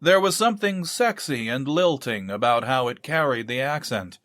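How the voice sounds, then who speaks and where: A man reading a novel aloud in measured scripted narration. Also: medium pitch, lively intonation, fairly bright tone, no echo, clean studio sound. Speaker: audiobook narrator.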